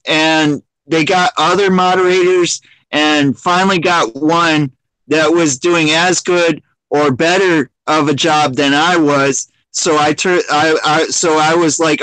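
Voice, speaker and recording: Guy rambling on a livestream, lots of restarts, kinda high voice, dry close sound. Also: fairly even intonation, measured pace, a bit bright, no echo, rough recording. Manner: rambling, many restarts, laughs often. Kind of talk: casual chat.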